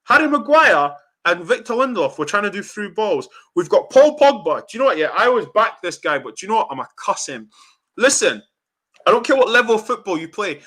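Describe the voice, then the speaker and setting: This fan channel host, a young man, talks a little fast in a high-pitched voice. He's fuming on his football reaction show, ranting, cursing, and gesturing with animated energy during a heated discussion.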